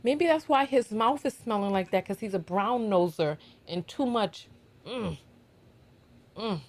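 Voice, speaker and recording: A woman's voice: medium pitch, lively intonation, measured pace, darkish tone. A woman hosting a reaction show, chatting casually and telling a playful story. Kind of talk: casual chat.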